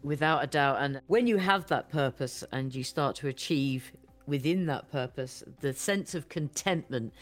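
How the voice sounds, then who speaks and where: Low-voiced woman host. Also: moderate pace, faint music behind. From Britain. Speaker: podcast host. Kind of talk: conversational interview.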